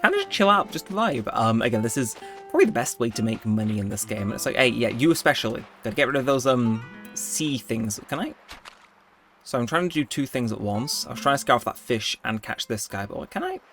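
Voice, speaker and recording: A man giving chatty, rambling gameplay commentary, easily excited. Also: medium pitch, brisk, faint music behind. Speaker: gaming video host.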